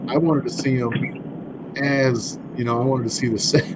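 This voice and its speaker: A man co-hosting a podcast, telling stories in an animated way and acting out what people said. His voice sits at an ordinary middle pitch. There is a clear hiss of noise under the recording. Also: moderate pace. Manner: animated storytelling, acts out quotes. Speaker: podcast co-host. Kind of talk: casual chat.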